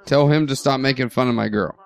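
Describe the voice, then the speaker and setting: A man's voice: mid-range voice, quick pace, gravelly. A man co-hosting a casual podcast chat, teasing and joking, his speech a little slurred from drinking. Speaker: co-host, homeowner.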